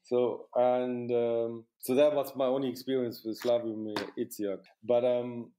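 A man's voice: medium pitch, flat delivery, a little slow, dark tone. A man, a cinematographer, recalling his work in an interview, often restarting sentences and filling with "you know". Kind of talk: reflective interview recollection.

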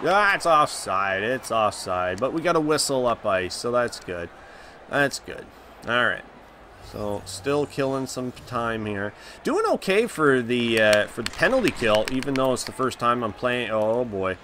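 A man commenting live on the hockey video game he is playing, reacting loudly to each play and groaning at his mistakes. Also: medium pitch, measured pace, slight background noise. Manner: excitable, reacts loudly, groans and laughs at plays. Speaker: gaming channel host.

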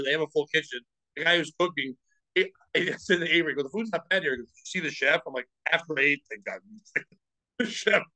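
A podcast host with a fairly high voice animatedly shares comic stories in casual conversation, laughing a lot and acting out people's quotes. There's no room sound, and the audio is poor.

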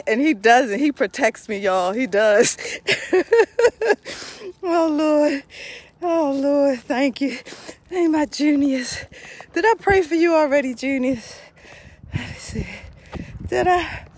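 A middle-aged woman pastor prays and chats casually on an outdoor live stream beside a street, laughing often between phrases. Her voice sits high and she speaks slowly, pausing often, with no echo.

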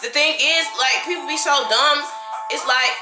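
A woman's voice: high-pitched, moderate pace, echoey room, over music, rough recording. A young woman in her early twenties from Florida, chatting candidly and slangily as a vlogging mom at home. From Florida, USA. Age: early 20s. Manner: relaxed and candid, slangy, jumps between baby talk and venting. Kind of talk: casual chat. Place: home indoors.

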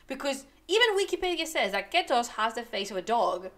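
A young woman with as her rants to her livestream chat. Her voice sits a little high and comes across exasperated and animated, and she breaks into laughter between points. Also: fairly quick. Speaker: streamer. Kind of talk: casual livestream commentary.

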